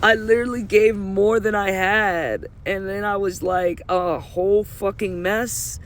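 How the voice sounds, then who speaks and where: A man's voice: high-pitched, fairly even intonation, measured pace. A man giving a candid, emphatic personal monologue to camera, repeating phrases and swearing freely. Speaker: vlogger.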